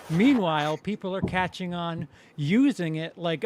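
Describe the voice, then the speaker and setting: A man co-hosting a casual live show, talking in a rambling way with many halting restarts and some swearing. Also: high voice, animated, slight background noise. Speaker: podcast co-host. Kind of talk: casual chat.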